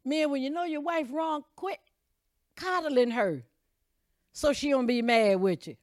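A woman's voice: measured pace, no room sound. Fiery preaching woman, dry close sound. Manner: impassioned preaching, swings from loud calls to low asides; reads scripture aloud and comments between verses. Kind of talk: sermon.

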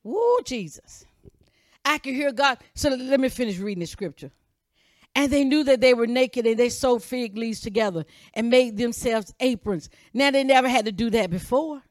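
A woman preacher, reading scripture and preaching with passion, rising to loud calls and dropping to low asides. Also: no room sound, studio quality. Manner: reads scripture aloud and comments between verses. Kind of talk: sermon.

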